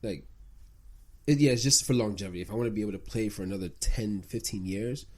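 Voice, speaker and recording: Laid-back low-voiced young man. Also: fast talker. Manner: laid-back, trailing off and restarting. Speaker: podcast guest, basketball player. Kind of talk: casual chat.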